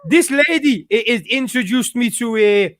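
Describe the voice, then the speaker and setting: Over a noisy background, a man with a very high, animated voice rants angrily on a live stream at a moderate pace. He swears hard and keeps stumbling over repeated words, restarting again and again.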